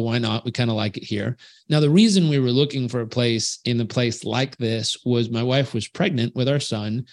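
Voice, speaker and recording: A man, a life coach, telling a personal story in a casual podcast interview, animated and acting out the people in it, recorded at his island beach home. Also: medium pitch. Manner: animated storyteller who acts out quoted voices.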